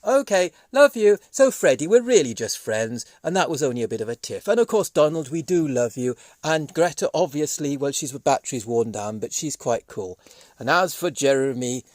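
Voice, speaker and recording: A man's voice: medium pitch, expressive, normal speed, darkish tone, no room sound. A man vlogging in a rambling, sardonic monologue that jumps from topic to topic.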